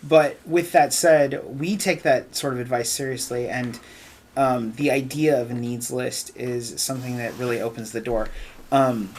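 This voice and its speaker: A man's voice: medium pitch, steady tone, normal speed. A man hosting a casual group discussion as youth leader, thoughtful and steering the talk.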